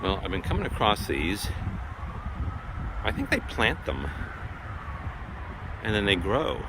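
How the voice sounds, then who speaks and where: Slow, breathless hiker grumbling on a windy trail. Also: male voice, on the low side, huge pitch swings. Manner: joking, sarcastic grumbling. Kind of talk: casual trail vlog commentary. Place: outdoors on a hiking trail. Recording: loud wind and outdoor noise.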